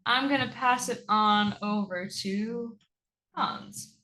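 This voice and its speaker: A woman's voice: medium pitch, slow pace, bright, forceful tone, rough recording. A woman giving a teasing, giggly introduction as a tabletop player on a stream.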